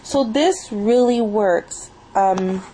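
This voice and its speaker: Chatty woman with a mellow voice. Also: medium pitch, very slow, a little hiss or hum, poor audio. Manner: chatty and enthusiastic, rambling with fillers. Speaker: product reviewer. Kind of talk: casual spoken product review.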